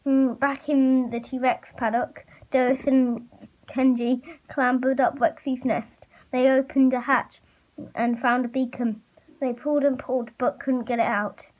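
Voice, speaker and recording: Halting female story reader, high voice, muffled lo-fi recording. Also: little pitch movement. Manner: halting reading with many fillers and restarts. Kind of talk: reading a fan story aloud.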